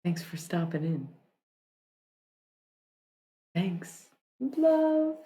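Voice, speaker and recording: A woman's voice: low-pitched, takes it slowly, gravelly, a little mellow. A woman livestreamer chatting casually with her viewers, rambling and laid-back, with lots of fillers and restarts.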